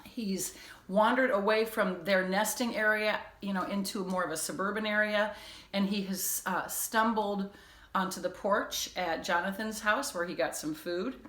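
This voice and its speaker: A woman teacher reads a children's chapter book aloud, recapping the story casually and then reading with expression. Her voice sits at a middling pitch, and the room adds a noticeable echo. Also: moderate pace, a bit bright. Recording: echoey room.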